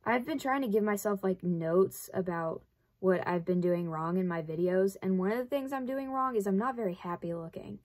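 A woman's voice: mid-range voice, moderate pace, darkish tone. A young woman from the southern United States with a light Southern accent, rambling in a casual vlog while she sews, full of "like" and wry self-deprecating asides. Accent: light Southern American. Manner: rambling, chatty, says "like" often. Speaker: vlogger. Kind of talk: casual chat while sewing.

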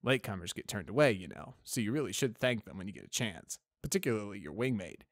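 A brisk stallion army doctor, read by a man, crisp and formal with a dry, teasing wit. His voice is low. The sound is close and dry. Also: expressive, no echo.

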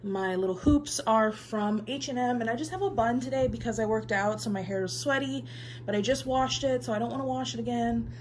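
Chatty young woman, higher voice. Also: fairly quick, slight background noise. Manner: chatty, filler-heavy, confiding. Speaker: vlogger. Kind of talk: casual vlog talk to camera.

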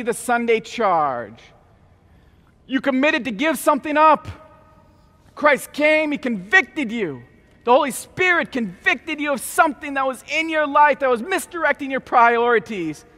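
A man with a very high, bright, forceful voice preaches a keynote sermon to a large hall. He acts out the scripture dramatically, swinging between quiet reflection and sudden loud outbursts, and his words ring with a long reverb. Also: animated, unhurried.

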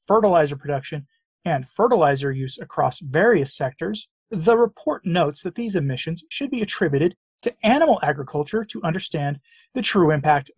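A man's voice: fairly high pitch, a little mellow, breathy edge, no room sound. A middle-aged man from the United States hosting a commentary show, reading news quotes and answering them with emphatic sarcasm. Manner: sarcastic, emphatic, with repeated phrases. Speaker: commentary channel host.

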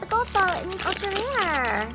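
Woman host, toy unboxing, very high squeaky voice, gushing sing-song chatter with music behind. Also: very animated, normal speed. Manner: gushing, gasping, sing-song baby talk to toys. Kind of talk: excited toy unboxing chat. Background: background music.

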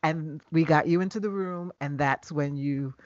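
A woman's voice: deep voice, moderate pace, no room sound, muffled recording. A woman hosting a podcast interview, supportive and affirming, filling in details of a shared memory. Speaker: podcast host. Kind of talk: conversational interview.

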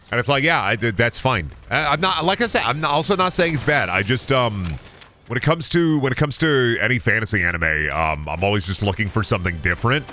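Man, streamer, casual gaming chat, cynical profane rant, lively pitch, bright edge. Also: brisk, slight background noise.

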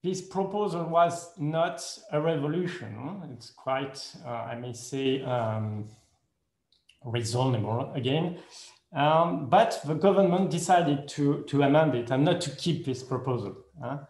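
A man giving a conference presentation in careful non-native English, hesitant and full of pauses and fillers, correcting himself as he goes. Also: fairly high pitch, lively intonation, a little mellow. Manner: speaks English as a second language. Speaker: conference speaker. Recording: echoey room.

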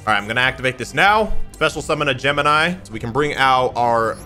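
A young man giving chatty, excitable, jokey commentary as he plays a card game. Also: mid-range voice, quick pace, few pauses. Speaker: YouTuber playing a card game. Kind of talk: live gameplay commentary. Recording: faint music behind.

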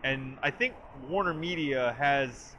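Male host, casual trailer review, chatty, bright forceful tone, faint background noise. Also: medium pitch, takes it slowly. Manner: chatty, lots of "like" and restarts; animated retelling with quoted lines.

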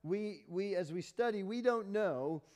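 A man preaching a sermon as pastor, dramatic and swinging from loud to hushed. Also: high voice, animated, a little slow, big-room sound. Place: church hall.

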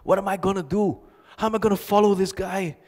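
A man's voice: sits high, steady tone, fast, darkish tone, pitched above the performer's own voice. A pastor voicing an agitated, desperate migrant man who pleads to be shown the way, his questions tumbling out. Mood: desperate pleading. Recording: long church reverb.

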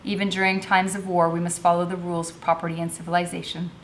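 A woman's voice: lowish voice, little pitch movement, fast talker, slight background noise, lightly acted. A woman reading a novel aloud, voicing a tired, formal male army colonel. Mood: weary. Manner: weary, formal.

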